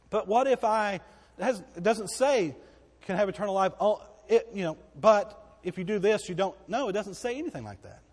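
A man preaching a sermon as pastor, swinging between loud, emphatic declarations and hushed, quiet passages. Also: high voice, animated, moderate pace, slightly rough, long reverb tail.

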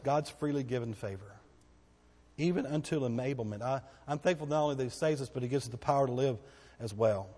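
A man's voice: mid-range voice, slightly rough. Emphatic preaching man in a reverberant hall. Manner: emphatic preaching that swings between loud declarations and hushed passages. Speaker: pastor. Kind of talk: sermon.

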